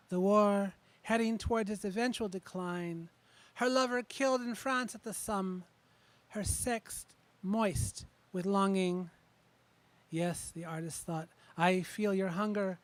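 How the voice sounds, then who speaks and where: A man reading his own poems at an open mic. He introduces each piece in a chatty way, then reads slowly and with emphasis. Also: high voice, dry recording. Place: open mic venue, live before a small audience.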